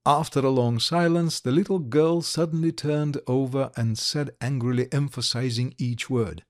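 A man reading a classic short story aloud slowly and clearly for English learners. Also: mid-range voice, fairly even intonation, no room sound, clean studio sound. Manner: slow, deliberate, clear reading. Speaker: narrator.

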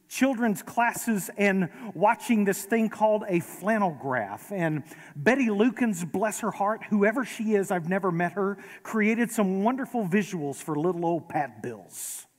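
A man preaching a sermon as pastor, conversational and gently humorous, in a large church sanctuary. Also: high voice. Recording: long reverb of a large hall.

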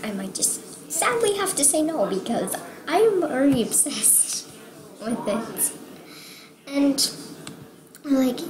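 A young woman vlogging about a game, excitable and rambling, often dropping to a whisper. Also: high voice, takes it slowly, pauses often, crowd noise. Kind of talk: casual gaming vlog. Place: home room. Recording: echoey room with background noise. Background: TV sports broadcast playing.

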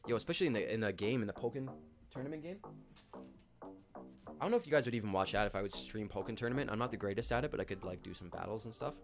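A young man from Canada hosting a live stream, chatting excitedly in slang and greeting viewers by name. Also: lowish voice, racing, music in the background. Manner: hyped, slangy, shouts out chat viewers by name. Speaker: livestream host. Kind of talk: casual live stream chat.

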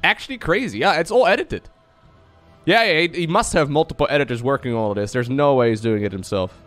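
Chatty man streamer with a lively voice. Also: mid-range voice, fast, soft background music. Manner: chatty, wondering aloud, lots of repeats. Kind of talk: stream reaction commentary.

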